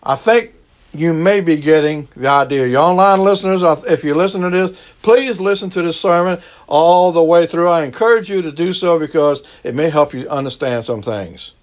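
A middle-aged man with a Southern Cajun accent, preaching a sermon in a slow, folksy way and stretching out his key words. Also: a little high. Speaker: pastor.

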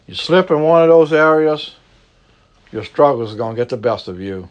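A man with a Cajun accent from the American South, preaching a sermon with emphatic repetition and sudden low, slow drops for emphasis. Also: lively intonation, dull audio. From Southern United States. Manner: emphatic preaching, repeats key phrases, drops to a low slow hush for stress. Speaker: pastor.

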